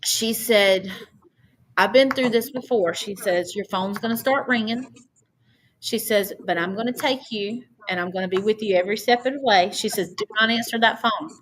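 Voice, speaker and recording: A woman appears as a podcast guest, earnestly recounting a personal story and quoting others at length. Her mid-range voice has a fairly bright tone and a moderate pace, captured in a low-quality recording with faint background noise.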